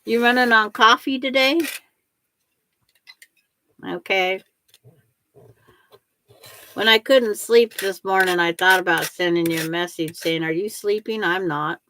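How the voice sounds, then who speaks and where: A woman's voice: mid-range voice, steady tone, takes it slowly, long pauses, bright, forceful tone. An older woman hosting a quilting livestream, chatting with viewers and talking herself through each step as she sews. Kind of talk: casual chat while sewing.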